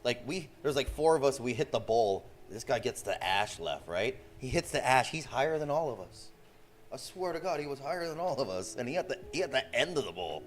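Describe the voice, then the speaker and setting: A man's voice: medium pitch, brisk, a little hiss or hum. A man in his forties telling stories in loose, profane casual chat, often tossing in "bro". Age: 40s. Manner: loose, profane, animated, says "bro" a lot. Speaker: streamer.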